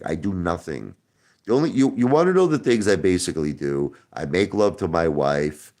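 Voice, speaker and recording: Deep-voiced man talking defensively to viewers. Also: very animated, fairly quick. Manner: defensive, repeats words and restarts. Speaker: online show host. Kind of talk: casual livestream talk to viewers.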